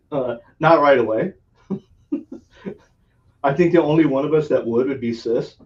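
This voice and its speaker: A man with a medium-pitched voice hosts a podcast at a slow pace, telling a long, rambling anecdote in casual chat. He laughs often and uses profanity freely. The sound is distant, dull and lo-fi.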